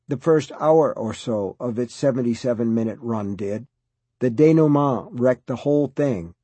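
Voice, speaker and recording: A man's voice: medium pitch, mellow, husky, no echo. A man, the author, reading a wry, conversational introduction to his own story.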